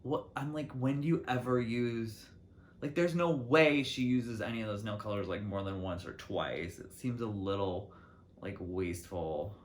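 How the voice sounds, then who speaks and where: A man's voice: normal speed, slight background noise. A young man hosting his own solo talk show, rambling casually to the camera from his city apartment with lots of fillers and restarts. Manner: chatty, lots of "like" and restarts, lively swings in pitch and loudness. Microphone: camera mic.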